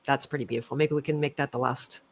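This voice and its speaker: A woman's voice: very deep voice, steady tone, fast talker. A woman in casual conversation, telling stories in a reflective, self-mocking way with frequent restarts.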